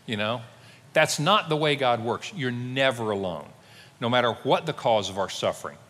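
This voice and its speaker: A man's voice: medium pitch, lively intonation, moderate pace, a bit bright, long reverb tail. A male pastor preaching a sermon, telling stories and acting out the voices of the people he quotes. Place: church sanctuary.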